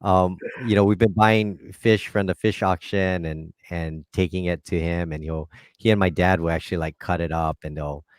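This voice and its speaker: A man's voice: deep voice, fairly even intonation, moderate pace, hardly any pauses, clean tone, no room sound, studio quality. A man hosting a casual live stream, easygoing and hesitant with many fillers.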